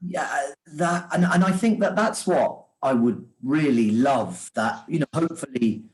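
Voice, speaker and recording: A man's voice: mid-range voice, poor audio. A man, an author and sandwich shop owner, telling stories in casual chat with restarts and frequent laughter over a video call. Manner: animated, laughing, quick restarts.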